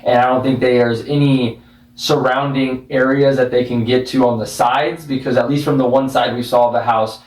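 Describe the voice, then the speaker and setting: A man's voice: mid-range voice, level tone, normal speed, darkish tone. A man with a mid-range voice talks through a film's plot in a loose, rambling way, often checking in with the others. He sits back from the mic, and the room around him rings. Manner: rambling recap, frequent "right?" checks. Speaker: podcast co-host. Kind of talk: casual movie review chat. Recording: roomy sound, distant mic.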